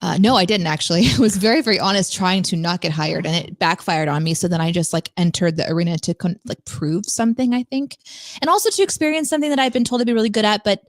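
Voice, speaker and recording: A woman's voice: medium pitch, quick pace, no echo, studio quality. A woman co-hosting a casual podcast chat, telling stories and laughing often. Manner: chatty, laughs often, storytelling. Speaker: podcast co-host.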